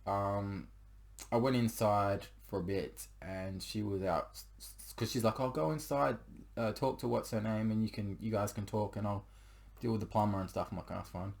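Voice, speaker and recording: Rambling young man, low voice. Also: steady tone, moderate pace, vocal fry, darkish tone. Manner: rambling, with many fillers and restarts. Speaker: storyteller sharing a personal breakup story. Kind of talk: casual confessional storytelling.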